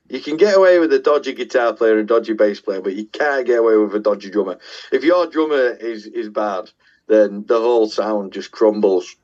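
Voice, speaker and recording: A man's voice: medium pitch, darkish tone, muffled recording. A middle-aged man with a Yorkshire accent, a guest musician telling casual, self-deprecating stories with the odd swear word. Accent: Yorkshire English. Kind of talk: casual storytelling.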